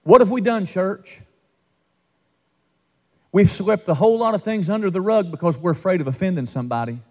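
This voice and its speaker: A man's voice: high-pitched, moderate pace. A man preaching a revival sermon, impassioned and calling out to the congregation. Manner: impassioned, call-and-response preaching with rising shouts.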